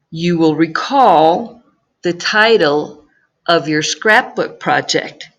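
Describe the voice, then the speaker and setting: Slow, low-voiced woman teaching grammar. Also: fairly bright tone. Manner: slow, patient explaining with careful repetition. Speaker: Spanish teacher. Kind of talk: recorded grammar lesson.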